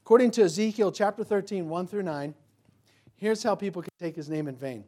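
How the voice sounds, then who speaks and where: A pastor with a high voice delivers a sermon at a fairly quick pace, preaching to his congregation in a conversational, anecdotal, rambling style full of asides and restarts. Whenever he quotes scripture, his voice swells into loud, emphatic declarations.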